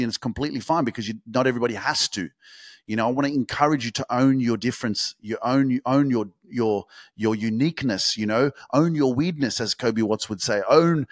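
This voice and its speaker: A man's voice: mid-range voice, dry recording, studio quality. A man hosting a podcast, delivering a motivational monologue in an intense, swearing pep-talk style full of repetition and emphasis. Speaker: podcast host.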